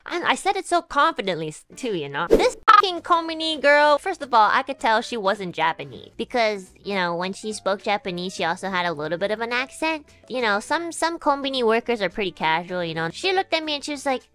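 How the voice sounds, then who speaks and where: A young woman with a fairly high voice that swings widely up and down as she tells a story to her stream. She laughs a lot and swears casually, with faint music playing softly behind her. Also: very animated, a little fast, hardly any pauses.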